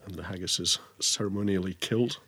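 Scottish male guest, very low husky voice, halting and explanatory. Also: fairly even intonation, a bit bright. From Scotland. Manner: halting, explanatory, many restarts. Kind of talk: casual interview chat.

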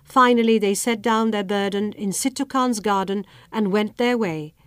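A woman's voice: mid-range voice, moderate pace, smooth, no echo. Woman narrating a fairy tale. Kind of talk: scripted storybook narration.

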